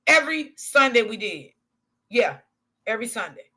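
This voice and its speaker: A woman's voice: on the high side, sing-song, moderate pace, sharp tone, breathy edge. A woman hosting a casual livestream, talking candidly to her chat, swearing freely and laughing often. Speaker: livestream commentary host.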